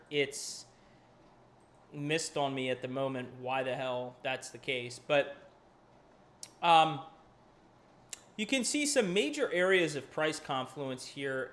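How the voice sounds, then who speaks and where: A fairly high-voiced man hosting a live market stream. He talks in a loose, chatty way, swears casually and keeps apologizing while he jumps between charts. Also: fairly bright tone, a little hiss or hum. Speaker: crypto livestream host.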